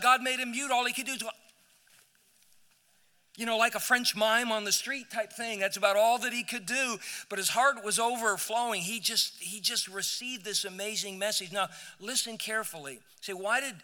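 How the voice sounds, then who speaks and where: With a high, sharp voice held to a steady tone and a moderate pace, this pastor preaches through a story, piling up repeated words and climbing to emphatic high points. He is recorded in a church sanctuary with long reverb.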